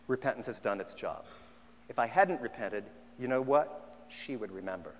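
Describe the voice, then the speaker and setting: A man's voice: mid-range voice, animated, moderate pace, slight background noise. Male preacher, conversational delivery, mid-range voice, long reverb of a large hall. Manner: conversational, mimics sulky apologies. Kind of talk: sermon.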